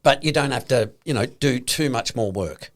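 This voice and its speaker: On a relaxed investing podcast, this Australian co-host speaks at normal speed in an expressive, medium-pitched voice. He gets his ideas across by performing imagined dialogues.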